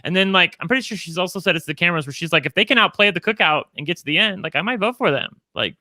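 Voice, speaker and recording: Male co-host, bright edgy tone, bouncy delivery, casual and crude, dry close mic. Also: high-pitched, animated, rapid-fire, no echo. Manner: chatty, blunt, profane, lots of "like". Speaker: podcast co-host. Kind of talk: casual recap chat.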